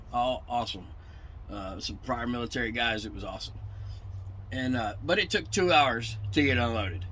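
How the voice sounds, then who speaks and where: Angry profane truck driver. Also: male voice, mid-range voice, bright, forceful tone, a little hiss or hum, rough recording. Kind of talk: casual storytelling rant.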